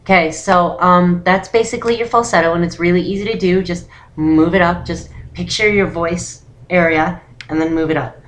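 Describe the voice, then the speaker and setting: Low-voiced young woman rambling through a tutorial. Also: fairly even intonation, normal speed, few pauses. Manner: rambling, full of "um" and "actually". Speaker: voice training vlogger. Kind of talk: casual beginner tutorial.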